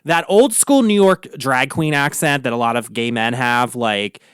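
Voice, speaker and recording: A man's voice: medium pitch, moderate pace, fairly bright tone, clear, resonant tone, no room sound, studio quality. A man with a Baltimore accent, a drag queen host ranting casually, campy and profane with lots of filler words. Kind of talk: casual solo rant.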